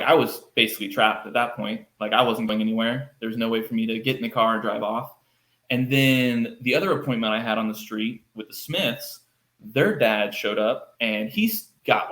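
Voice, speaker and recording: A man from Texas, a podcast guest, telling a story in a casual, animated way, acting out quoted lines with lots of fillers. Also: medium pitch. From Texas, United States. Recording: roomy echo.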